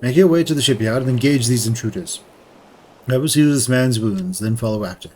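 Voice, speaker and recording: A man voicing a stern male military captain in a fantasy game, speaking in a formal, measured, commanding way. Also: mid-range voice, dark tone, slight background noise, natural voice.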